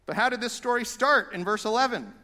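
A male pastor preaching a sermon in a conversational, animated way. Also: very high voice, a little fast, long reverb tail.

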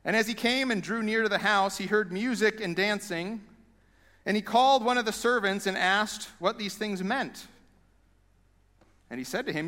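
Pastor guy preaching, chatty and animated, bright tone, big echoey hall. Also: high-pitched, moderate pace. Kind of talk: sermon.

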